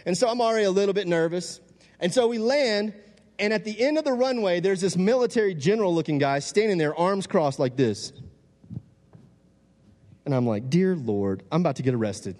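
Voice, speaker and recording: A man's voice: high-pitched, moderate pace, pauses often. A man from Louisiana, telling a funny story to an audience from the stage and acting out the voices. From Louisiana, USA. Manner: animated, joking, acts out quoted voices. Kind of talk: humorous storytelling talk to an audience. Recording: long hall reverb.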